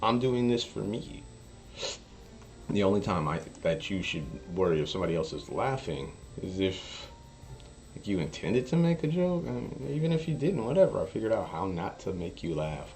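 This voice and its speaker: A man streaming poker and chatting casually, an animated storyteller who acts out quotes. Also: low-pitched, a little hiss or hum. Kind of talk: casual chat while streaming. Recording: faint music behind. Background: faint music.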